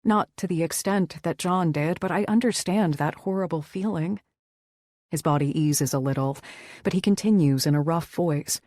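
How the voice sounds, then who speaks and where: A woman's voice: on the low side, normal speed, darkish tone, no echo, studio quality. A woman reading a first-person romance audiobook in an intimate, tender way. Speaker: audiobook narrator.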